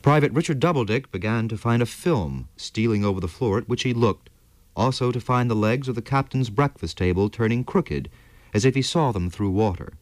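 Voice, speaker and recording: A man narrating a classic novel as an audiobook in a measured, unhurried way. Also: medium pitch, animated, no echo.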